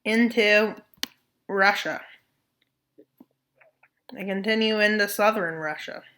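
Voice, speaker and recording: A woman's voice: mid-range voice, slow pace, fairly bright tone. A woman narrating a map scenario video, with playful jokes and asides. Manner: joking asides, playful mock voices. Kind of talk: casual commentary over a map scenario.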